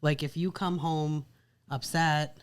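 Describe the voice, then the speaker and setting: A woman co-hosting a marriage podcast talks slowly in a low, smooth, steady-toned voice. She keeps things casual and chatty, often reaching for "like" and "literally."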